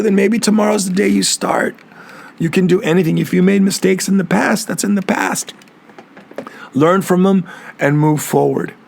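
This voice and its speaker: A middle-aged man hosts his own podcast in a solo, reflective monologue. His voice is strongly gravelly with constant vocal fry, sitting a little high for a man. He talks earnestly, often repeating words as he gathers his thoughts. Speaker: capoeira master and podcast host.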